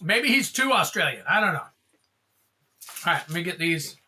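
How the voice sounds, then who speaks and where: A man with a high, bright, forceful voice that has a breathy edge speaks very animatedly but a little slowly. He's hosting a card-opening livestream, chatting casually in a rambling, jokey way and calling out the cards as he opens them.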